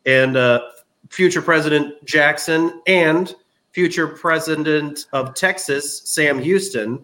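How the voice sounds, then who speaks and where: A man telling history as casual podcast chat, animated and quick to joke. His voice is bright and sits a bit high for a man. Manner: animated, jokey retelling of history. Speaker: podcast guest.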